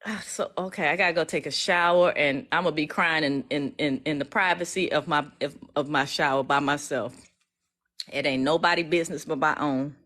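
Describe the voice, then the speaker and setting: A legal educator streams live, chatting casually with her followers in a low, slightly bright voice. She's emotional and restarts her sentences often.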